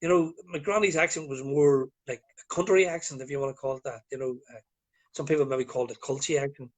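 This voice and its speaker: A man's voice: medium pitch, fast. A man with a Northern Irish accent, chatting as a guest on a live video call and telling stories in a rambling way with many fillers. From Northern Ireland. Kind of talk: casual chat.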